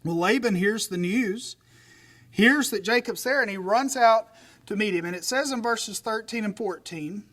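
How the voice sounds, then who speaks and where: Speaking at normal speed, this pastor has a high, fairly bright voice. His sermon is conversational: an animated retelling of a story sprinkled with folksy jokes.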